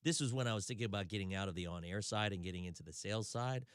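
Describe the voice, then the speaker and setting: A man's voice: on the low side, very fast, smooth, dry recording, clean studio sound. A man with a Southern accent hosting a radio show, chatting loosely and laughing easily between stories. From Tennessee, US. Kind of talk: casual radio chat. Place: radio studio.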